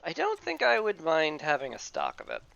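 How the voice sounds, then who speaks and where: A man's voice: fairly high pitch, wildly swooping pitch, normal speed, creaky, fairly bright tone, highs cut off. A man casually commenting on his gameplay as he plays, talking to himself and to the game with mock rants. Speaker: gameplay streamer.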